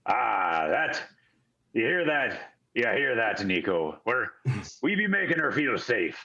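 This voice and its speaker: A man's voice: mid-range voice, big pitch swings, slow pace, sharp tone, highs cut off, full character voice. A man voicing the crew of a magic ship, chummy and creepy, speaking in a sing-song, cheerfully eerie way.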